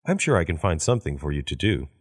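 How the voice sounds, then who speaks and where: A man with a very low voice reads each practice sentence in turn. His delivery is measured, with a wide, expressive pitch swing. The sound is close and dry. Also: slightly rough, no echo. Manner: measured, repeats each sentence after the woman. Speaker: English phrase reader. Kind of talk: read-aloud of practice sentences.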